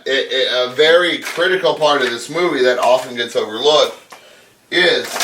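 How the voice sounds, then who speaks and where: A man's voice: mid-range voice, far from the mic, noisy background. Crude, sarcastic man in an echoey room. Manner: crude, sarcastic, swears constantly. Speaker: podcast host. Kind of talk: profane comedic movie recap.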